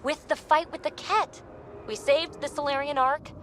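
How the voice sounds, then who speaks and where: A woman's voice: high-pitched, steady tone, moderate pace, fairly bright tone, slight background noise. An actress playing a young woman explorer who speaks confidently and with an upbeat manner.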